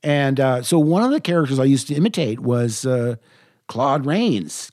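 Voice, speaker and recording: An older man, a voice actor, telling lively anecdotes in an interview. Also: fairly high pitch, moderate pace. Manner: animated anecdotes, quotes himself in lively voices. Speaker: voice actor guest. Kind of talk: interview storytelling.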